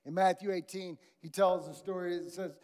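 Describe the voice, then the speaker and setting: A man preaching a sermon, telling a parable with animated storytelling and big swings of volume. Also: high-pitched, moderate pace. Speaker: pastor.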